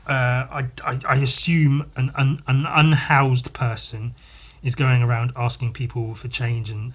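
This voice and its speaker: A man's voice: medium pitch, a bit bright. A man hosting a podcast, telling a story casually, rambling, swearing often and laughing at himself. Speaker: podcast host.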